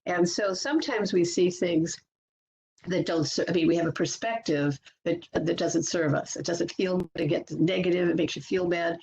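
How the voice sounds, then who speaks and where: A woman positivity coach giving a lively webinar talk from a computer mic, acting out everyday self-talk. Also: lowish voice, vocal fry, slight background noise. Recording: muffled lo-fi webinar audio.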